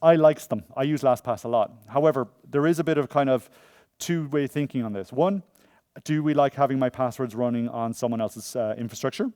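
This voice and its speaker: A man giving a conference talk and taking audience questions, jokey and animated, often telling funny stories and acting out the voices of the people in them. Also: medium pitch, a little fast, no echo. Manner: animated, acts out quoted voices. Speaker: conference speaker. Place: conference room before an audience.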